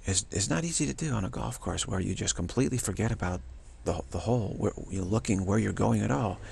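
Gravelly man rambling, spiritual talk. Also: on the low side, darkish tone, slight background noise. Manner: rambling and repetitive, with halting restarts. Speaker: spiritual vlogger.

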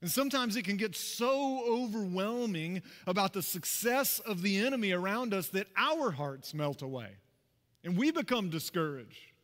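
A pastor tells a personal story during his sermon, speaking in an animated, conversational style and breaking off for asides to the congregation. His voice is high, and the church sanctuary leaves a long reverb tail.

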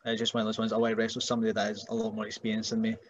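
A man's voice: lowish voice, monotone, rapid-fire, breathy edge, no echo, highs cut off. A young Scottish man, a wrestler, chatting casually on a podcast and joking about people he meets. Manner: joking, does mocking voices of relatives. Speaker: wrestler guest.

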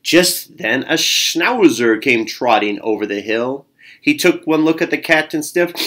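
A male storyteller reading a picture book aloud at an unhurried pace. He is expressive and voices sound effects along the way. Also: medium pitch.

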